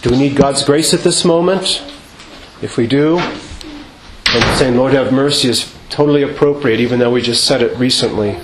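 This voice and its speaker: A man's voice: medium pitch, background noise. Man preaching a sermon in an echoey church. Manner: measured, rhetorical questions, chants quoted refrains. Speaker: Orthodox priest. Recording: echoey church with faint ambience.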